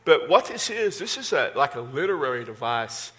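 A man's voice: mid-range voice, sing-song, normal speed, fairly bright tone. A middle-aged man with a Texas accent, a pastor preaching a conversational sermon with self-deprecating humor. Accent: Texan.

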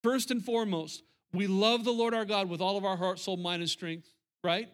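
A man's voice: high voice, steady tone, moderate pace. A middle-aged male pastor preaching a sermon, emphatic and repetitive, talking straight to the congregation.

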